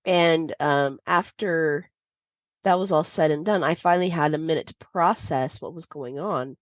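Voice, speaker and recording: A woman's voice: low voice, unhurried, no echo. A woman hosting a podcast, telling a personal story in a candid, confiding way with many fillers. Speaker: podcast host. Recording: dull lo-fi dry sound.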